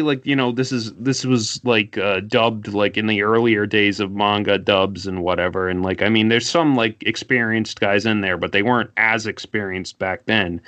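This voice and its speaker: A man's voice: fairly low pitch, steady tone, normal speed, few pauses, fairly bright tone. Man chatting with endless fillers. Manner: filler-heavy, says like constantly. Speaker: podcast co-host. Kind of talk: casual chat.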